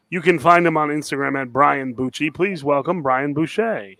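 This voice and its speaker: Man hosting a comedy podcast, bright tone, dry close sound, laughs often. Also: mid-range voice, normal speed, vocal fry, hardly any pauses, no echo. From New Jersey. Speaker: host.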